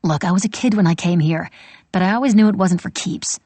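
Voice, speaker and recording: A woman voicing a brisk, sharp-tongued young woman who talks in a quick, teasing, blunt way. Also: fairly low pitch, no room sound, lightly acted.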